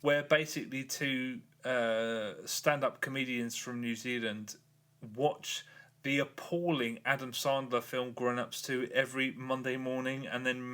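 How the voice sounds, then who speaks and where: A man co-hosting a podcast, chatting casually with quick laughing asides. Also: medium pitch, sharp tone. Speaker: podcast co-host. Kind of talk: casual chat.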